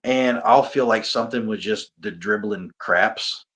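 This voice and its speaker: A man, a pro wrestler talking casually as an interview guest, animated and self-mocking, often laughing and restarting his sentences. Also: fairly low pitch, measured pace. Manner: frequent repeats and restarts.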